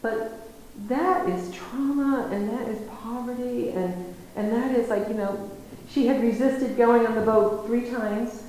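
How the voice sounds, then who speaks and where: A woman giving a storytelling lecture, her voice ringing around a very echoey room with a faint hiss of noise underneath. She talks in a lively, animated way, acting out conversations and laughing easily. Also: on the high side, measured pace.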